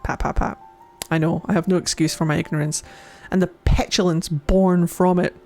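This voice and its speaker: A woman's voice: on the low side, steady tone, moderate pace, mellow, faint music behind. Giggly, playful woman streamer. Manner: playful and giggly, with frequent laughs; chatty, with many filler likes. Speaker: streamer playing a game. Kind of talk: casual let's-play commentary, reading game text aloud.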